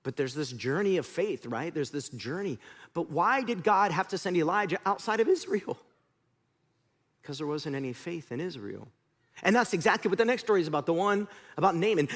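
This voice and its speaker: A male pastor delivering a sermon with animated storytelling, his fairly high voice swooping lively between hushed lows and loud peaks. He acts out scenes as he goes.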